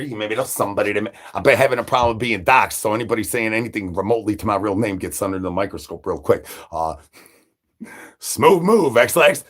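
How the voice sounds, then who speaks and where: A man live-streaming in a zombie persona, rambling through silly catchphrases with sudden jumps in pitch. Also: fairly quick, fairly bright tone. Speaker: livestreamer in zombie character. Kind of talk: absurd live-stream banter.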